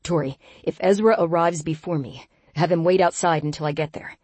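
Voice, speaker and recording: A brisk young man with a sharp, clipped delivery, as a woman narrator puts him on, speaking low and urgently. The husky voice sits right on the mic with no room sound. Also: no echo. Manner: curt and urgent.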